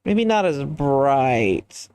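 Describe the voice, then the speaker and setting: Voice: medium pitch, sing-song, very slow, a little mellow, clear, resonant tone, no room sound. A livestreamer chatting casually while designing a character, thinking aloud and answering chat in a musing way.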